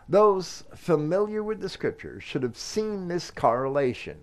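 A man giving a scripture commentary, reading verses aloud with measured emphasis. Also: fairly high pitch, sing-song. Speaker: Bible teacher.

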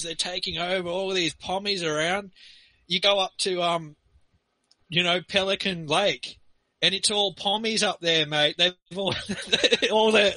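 A man's voice: high-pitched, sharp tone, dry recording, low-quality recording. An Australian man talking loosely in a casual group discussion, rambling and laughing between points. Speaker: forum participant.

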